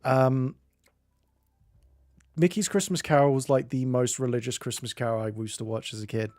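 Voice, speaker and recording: A man's voice: medium pitch, steady tone, moderate pace, a little mellow, no room sound, clean studio sound. A man from Northamptonshire with an English accent, streaming and chatting casually with a rambling, self-interrupting manner. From Northamptonshire, England. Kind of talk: casual chat.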